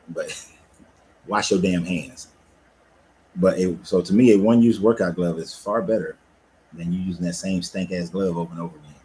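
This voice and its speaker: A man's voice: deep voice, a little hiss or hum, rough recording. A man, a life coach and cigar lounge owner, talking casually and profanely on a livestream from his lounge. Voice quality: laid-back, profane, animated storytelling.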